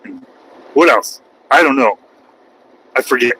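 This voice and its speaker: He's a US truck driver who streams, chatting from the cab on the highway in a mid-range, husky, expressive voice at a measured pace. Over a low-quality recording, he rambles and jokes and occasionally breaks into loud outbursts.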